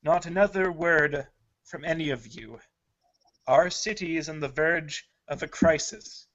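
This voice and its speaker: A man's voice: medium pitch, unhurried, fairly bright tone, close to an everyday voice. A man voicing a stern, commanding female priestess leader, with dull lo-fi audio. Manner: firm, authoritative pleading.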